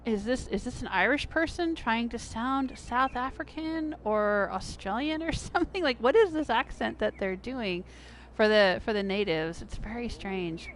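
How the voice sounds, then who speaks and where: A middle-aged American woman chatting casually on a game livestream. She laughs often and jumps to a high pitch when she is surprised. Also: expressive, moderate pace, hardly any pauses, slight background noise. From United States. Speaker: game streamer.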